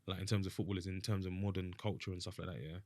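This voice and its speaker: A man's voice: low voice, steady tone, rapid-fire, a little mellow, no room sound. A young man co-hosting a casual podcast chat, talking in long runs and keeps checking that he is understood. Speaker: podcast co-host.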